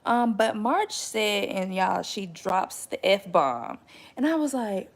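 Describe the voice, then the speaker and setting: Young woman vlogger, gravelly vocal fry, chatty storyteller who laughs a lot and jumps high when quoting. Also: slow pace. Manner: chatty, animated, laughing, swings into high excited quotes. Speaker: vlogger and mother. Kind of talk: casual storytelling to viewers.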